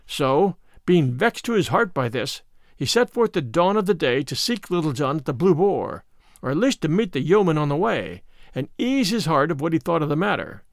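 A man reading an old-fashioned tale aloud with an expressive delivery. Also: fairly high pitch, no echo, clean studio sound. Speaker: narrator. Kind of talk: storybook read-aloud.

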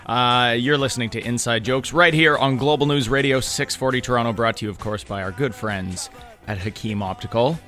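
A man's voice: medium pitch, a little fast, pushed and bright, faint music behind. A man hosting a comedy talk radio show from a studio, chatting easily with plenty of fillers. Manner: easygoing, rambling with fillers. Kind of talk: casual talk radio chat. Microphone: studio microphone.

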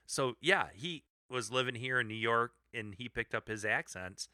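Brief: middle-aged Midwestern co-host, giggly sidekick, very bright sharp tone, dry close mic. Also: male voice, mid-range voice, normal speed, dry recording. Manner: giggly, interrupts with asides. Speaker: podcast co-host. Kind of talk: casual chat.

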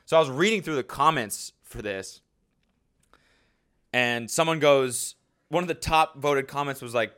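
A man in his twenties hosting a podcast alone, telling a story in a casual, profane, self-mocking way with lively animation. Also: mid-range voice, measured pace, pauses often, smooth. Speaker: podcast host. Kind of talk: casual solo monologue.

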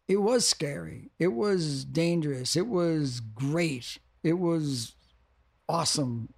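Older man in casual interview, fairly high voice, halting with repeated words that speed into animated bursts. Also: vocal fry. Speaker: music executive guest.

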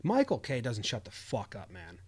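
A man's voice: lowish voice, wildly swooping pitch, normal speed, slightly rough. Blunt, ranting young man talking baseball. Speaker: podcast co-host. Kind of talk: casual sports chat.

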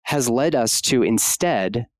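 A man's voice: medium pitch, animated, takes it slowly, no echo. A man speaking as a guest on a conversational podcast, talking passionately and frankly, casual with fillers and the odd swear word. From United States. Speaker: podcast guest, obstetrician-gynecologist.

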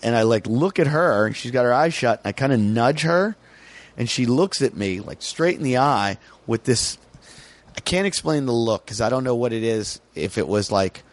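Speaking at normal speed in a medium-pitched voice, an American comedian guesting on a podcast tells a casual story. He's animated throughout, acting out the voices of the people he describes.

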